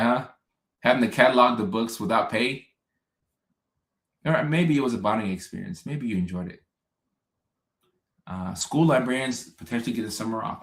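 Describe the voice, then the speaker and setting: A young man hosts a relaxed livestream and chats through viewer comments. He laughs often and repeats himself in a low voice. His voice carries a roomy echo. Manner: chatty and laid-back, laughing often, repeating phrases. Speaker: host. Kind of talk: casual livestream chat reading viewer comments.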